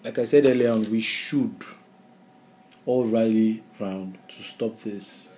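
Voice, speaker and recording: A man, co-hosting a podcast in casual discussion. He speaks reflectively and haltingly, restarting his phrases. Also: lowish voice, dark tone. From Nigeria. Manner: reflective, halting, with repeated starts. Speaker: podcast co-host.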